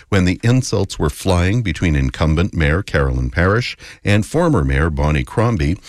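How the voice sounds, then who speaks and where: Deep-voiced radio news anchor. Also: male voice, no echo, studio quality. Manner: measured, authoritative delivery. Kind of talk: newscast reading. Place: radio studio. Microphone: close studio mic.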